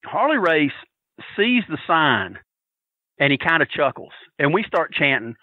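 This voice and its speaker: Loud, lively storytelling man. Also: a little high, a little slow, no echo, phone-quality sound. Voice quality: loud and boisterous, profane. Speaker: regular segment contributor. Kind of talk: loud storytelling, casual chat.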